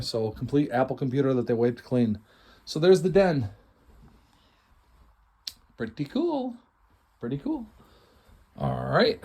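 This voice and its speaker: This middle-aged man has a warm, mid-range voice. He's hosting an easygoing, upbeat walkthrough of a house before its estate sale, moving through the rooms while chatting and making self-deprecating remarks.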